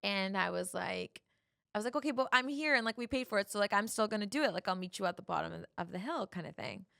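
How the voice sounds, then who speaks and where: A young woman with a gravelly, fry-laden voice, chatting through a personal story as a podcast host. She talks animatedly and slips into the voices of the people in her story. The sound is close and dry, with no room around it. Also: mid-range voice, animated, fast talker, bright, forceful tone, dry recording.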